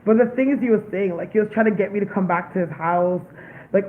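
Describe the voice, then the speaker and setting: A woman's voice: mid-range voice, moderate pace. A young woman telling a story straight to her viewers, blunt, profane and full of emphasis. Her voice comes through thin and phone-like, with a faint hiss underneath. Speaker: psychic medium vlogger. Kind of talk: casual storytelling.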